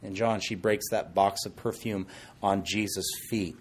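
Animated husky-voiced male preacher. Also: lowish voice, unhurried. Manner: animated storytelling with acted quotes and asides. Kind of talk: sermon.

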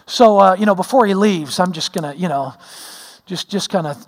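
A man's voice: high-pitched, brisk, big-room sound. A middle-aged man, a pastor, preaching a sermon in a folksy, self-deprecating storytelling way, with many fillers. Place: church sanctuary.

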